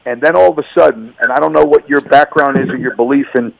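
Male radio guest, gravelly and dry, giving earnest spoken testimony. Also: mid-range voice, quick pace, no room sound, lo-fi sound. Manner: earnest, emphatic, repeats words. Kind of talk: personal testimony.

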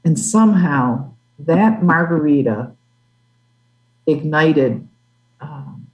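A woman giving a personal faith testimony as a guest, earnest and halting, with restarts. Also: low voice, animated, dull audio. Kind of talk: testimony in an interview.

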